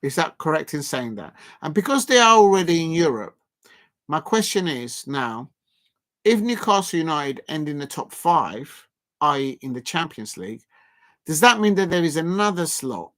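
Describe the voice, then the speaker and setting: This South London livestream host chats his way through a live football watchalong, rambling and reading out viewer messages to answer them. His voice is fairly high and a bit bright.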